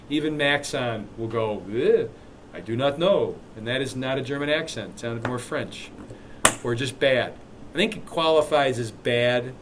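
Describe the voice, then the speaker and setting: A man teaching a live software class, walking students through steps with chatty, joking asides. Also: mid-range voice, a little hiss or hum. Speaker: instructor.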